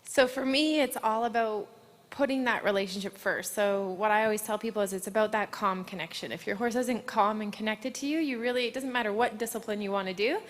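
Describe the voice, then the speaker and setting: A woman's voice: mid-range voice, brisk. A woman in her thirties, an award-winning horse trainer, answers questions on stage at a ceremony and talks emotionally, close to tears. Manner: emotional, holding back tears. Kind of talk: live on-stage interview.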